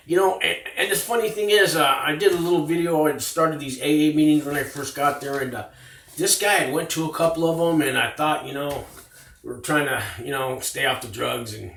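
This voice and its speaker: A man's voice: on the high side, gravelly, a bit bright, far from the mic. A man in his fifties telling a prison story in a rambling, profane, casual way, recorded on a tablet. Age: 50s. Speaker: former inmate vlogger. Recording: roomy, off-mic, with faint noise.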